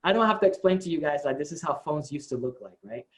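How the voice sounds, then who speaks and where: A man's voice: on the high side, quick pace, poor audio. A man, a company co-founder, telling the story of his start to his staff, acting out the dialogue. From United States. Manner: animated storytelling, acts out quoted dialogue.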